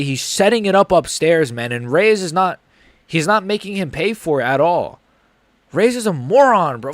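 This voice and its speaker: A man's voice: a little high, big pitch swings, normal speed, dry recording, clean studio sound. A man giving live reaction commentary on a fight, rambling and swearing, with his feelings swinging back and forth. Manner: profane, rambling, emotionally swinging.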